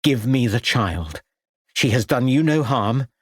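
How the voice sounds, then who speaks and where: A man's voice: medium pitch, lively intonation, unhurried, slightly rough, no room sound. A man voicing a frantic young woman who pleads and cries out in despair. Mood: pleading. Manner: anguished, pleading.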